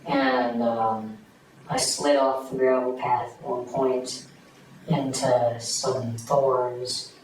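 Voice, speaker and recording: A man recounting events in a recorded police interview, speaking quietly and haltingly with many fillers. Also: medium pitch, little pitch movement. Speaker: suspect recounting a crime. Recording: echoey distant room mic with noise.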